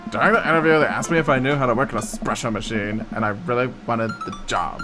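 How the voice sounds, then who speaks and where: A man voicing a sardonic teenage daughter with a deadpan, sarcastic way of talking. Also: medium pitch, fast talker, music in the background, close to an everyday voice.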